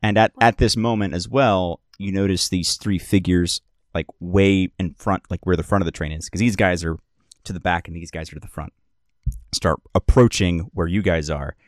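A man's voice: sits low, fairly even intonation, normal speed, dry recording, studio quality. A man narrating as game master of a tabletop game podcast, describing scenes in a rambling way and correcting himself as he goes.

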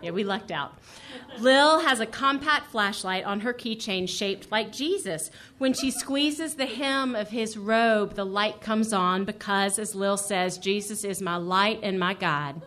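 A woman in her thirties reading her personal essay to a live audience. Her delivery is dry and wry, steady and conversational. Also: mid-range voice, a little slow. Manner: dry, wry humor, brief laughs. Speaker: featured reader.

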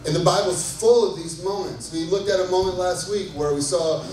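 High-voiced man preaching in an echoey hall. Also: normal speed, darkish tone. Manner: conversational and enthusiastic, asks the crowd often. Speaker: pastor. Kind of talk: sermon. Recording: echoey hall from far off, faint noise.

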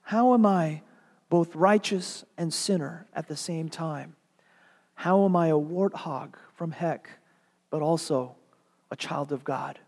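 A man's voice: sing-song, brisk, hardly any pauses, dark tone, slightly rough, heavily acted. A preacher voicing a self-righteous older churchwoman who snarls indignantly at God. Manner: snarling, indignant, shrill outbursts. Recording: long hall reverb.

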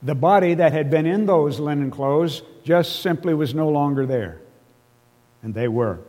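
A man's voice: a little high, expressive, a little slow, dark tone. A man preaching a sermon, explaining scripture earnestly and emotionally, with casual asides to his listeners. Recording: long reverb of a large hall.

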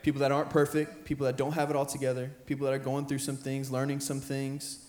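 A young man, a high school pastor, preaching an earnest sermon that repeats phrases and builds in intensity. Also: monotone, fast talker, darkish tone. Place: church sanctuary with band playing behind. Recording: roomy church hall with live music.

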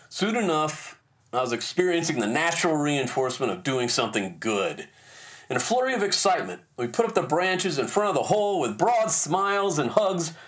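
Animated self-deprecating male storyteller. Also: mid-range voice. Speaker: podcast host. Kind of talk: personal storytelling.

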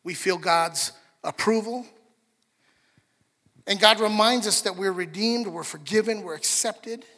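Male pastor, sermon, bright, forceful tone, conversational and earnest, reverberant hall. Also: high-pitched. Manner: conversational, earnest, with restarts and asides to the congregation.

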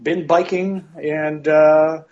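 A man with a slightly raised voice trades dry, deadpan jabs as a podcast co-host. His sound comes through a dull, lo-fi remote line. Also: on the high side, slow. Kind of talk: casual chat.

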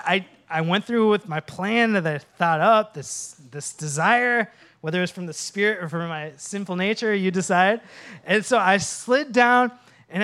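A male pastor in his late thirties from Minnesota, preaching with self-mocking humor before a quiet, prayerful close. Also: high-pitched, clear, resonant tone. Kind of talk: sermon.

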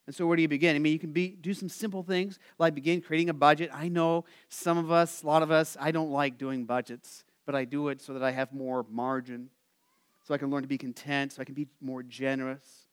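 A male pastor preaching a sermon, asking the congregation to answer back, rising animated and then dropping soft at phrase ends. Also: on the high side, a little fast, smooth. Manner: asks the congregation for call-and-response answers.

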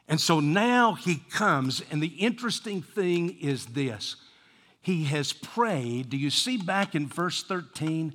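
A man preaching a sermon as pastor, rising to fervent emphasis and dropping to hushed near-whispers. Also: fairly high pitch, lively intonation, slow pace, big-room sound.

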